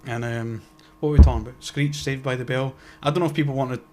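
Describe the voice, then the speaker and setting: A man's voice: mid-range voice, steady tone, quick pace, warm tone. A young man, co-hosting a casual podcast chat and rambling with lots of restarts and swearing. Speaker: podcast co-host.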